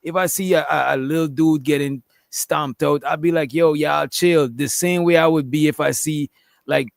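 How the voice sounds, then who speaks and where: Gravelly laid-back man, casual panel talk. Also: a little high, steady tone, moderate pace, no room sound, studio quality. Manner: laid-back, profane, rambling with fillers. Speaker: podcast panelist. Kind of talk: casual debate chat.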